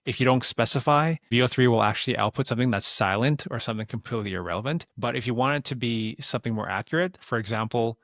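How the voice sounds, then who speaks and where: Relaxed man explaining a tutorial. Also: medium pitch, fast talker, few pauses, no room sound, studio quality. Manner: relaxed, explanatory, plain-spoken. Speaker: tutorial creator. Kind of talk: instructional screen-recording explanation.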